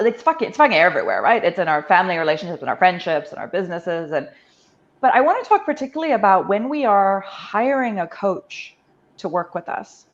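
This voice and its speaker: Earnest woman on muffled lo-fi audio. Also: mid-range voice. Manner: earnest, emphatic, swears for emphasis. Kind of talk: casual conversation. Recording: dull lo-fi audio.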